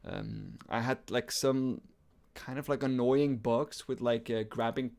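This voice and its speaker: A man's voice: mid-range voice, a little slow, vocal fry. Man rambling casually about a game. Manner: relaxed, rambling, many fillers. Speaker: podcast co-host. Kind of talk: casual chat, game review.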